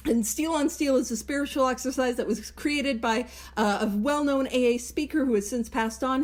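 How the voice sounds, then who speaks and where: A woman with a high voice leads a recovery book study over a video call. She reads short passages aloud and unpacks them in a chatty, self-mocking way. She often drifts into tangents before coming back to the text. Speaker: Big Book study leader. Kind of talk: recovery study talk, reading and explaining text.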